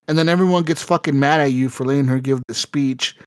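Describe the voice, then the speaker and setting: A man's voice: mid-range voice, fast talker, clean tone, no room sound, studio quality. A man co-hosting a casual gaming podcast, telling a rambling, profane story with lots of fillers and acted-out quotes. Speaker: podcast co-host.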